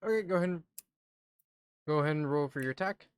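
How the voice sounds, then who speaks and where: A game master running a tabletop game in a casual, excitable way, with loud outbursts and laughter. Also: medium pitch, fast talker, smooth, dry recording. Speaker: dungeon master. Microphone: streaming microphone.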